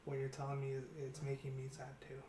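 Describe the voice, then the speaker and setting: Male therapist telling client stories, mid pitch, echoey room, faint hiss. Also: monotone, fast, mellow. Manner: storytelling, acts out quoted dialogue. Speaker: therapist working with high schoolers. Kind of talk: casual panel chat. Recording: roomy studio with faint background noise.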